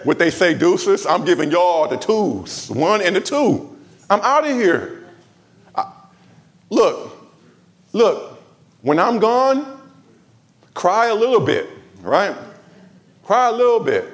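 A pastor from Los Angeles preaching in church, his somewhat high voice swinging widely up and down. He talks to the congregation in a loose, conversational way, mixing humor and side remarks into the sermon. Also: very animated, takes it slowly, long pauses. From Los Angeles, USA.

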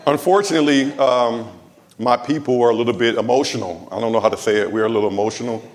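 With a medium-pitched voice and a quick pace, a man preaches to his church congregation. The pastor, who is from Los Angeles, keeps things conversational, adding humorous remarks and asides.

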